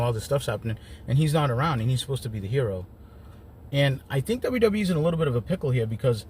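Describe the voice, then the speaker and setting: A man's voice: mid-range voice, a little mellow, slight background noise. A man giving a casual solo review of wrestling shows, chatty and wry, with lots of ums and joking asides.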